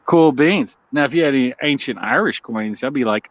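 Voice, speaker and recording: A man's voice: mid-range voice, expressive, moderate pace, a bit bright, dry recording. Man, casual livestream chat, easygoing and laughing, dry close sound, slightly dull audio. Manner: laid-back, laughs often, chats with viewers. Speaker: livestream coin auction co-host.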